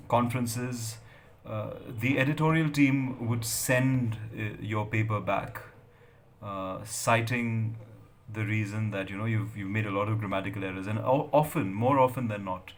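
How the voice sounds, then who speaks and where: A man's voice: on the low side, slight background noise. A middle-aged man, giving a lecture on academic writing with many fillers and checks of "right?". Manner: hesitant, many fillers and tag questions. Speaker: English lecturer.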